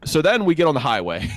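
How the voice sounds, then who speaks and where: Young male podcast host, animated and crude, tells stories with a lot of movement in his voice. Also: a little high, no echo. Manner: animated, profane, acts out quotes. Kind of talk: casual storytelling.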